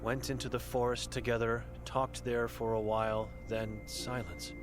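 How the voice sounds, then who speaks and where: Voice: mid-range voice, little pitch movement, moderate pace, close to an everyday voice. A voice actor playing a blind, mute old woman hermit in a video game, speaking in terse, broken, solemn sentences. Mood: ominous. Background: game music.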